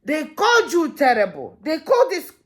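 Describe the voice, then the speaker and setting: A woman giving a reaction commentary, making impassioned appeals with her voice swinging between loud and soft. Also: sits high, wildly swooping pitch, moderate pace.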